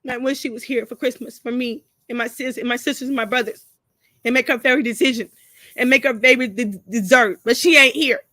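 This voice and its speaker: Woman, crying, emotional rant, repetitive, bright tone, dry close sound. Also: a little high, fast talker, dry recording. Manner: tearful, repeating herself, profane. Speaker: vlogger. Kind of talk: emotional personal rant to camera.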